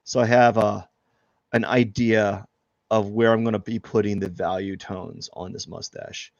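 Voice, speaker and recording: Male artist, casual stream chatter, self-deprecating, gravelly, close and dry. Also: lowish voice, fairly even intonation, unhurried, no room sound, muffled recording. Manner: rambling, self-deprecating, joking. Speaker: artist streaming live drawing. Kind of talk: casual live-stream chat while drawing.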